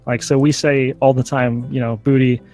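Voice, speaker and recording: Relaxed, joking male streamer guest. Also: medium pitch, moderate pace, faint music behind. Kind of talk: casual interview chat.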